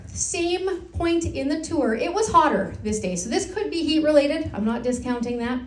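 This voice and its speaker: Animated Midwestern woman telling stories. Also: a little high. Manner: animated, self-mocking, laughs through her stories. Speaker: lighthouse tour guide and volunteer. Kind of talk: live storytelling talk to a pub audience. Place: brewery event room. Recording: roomy, echoey venue sound.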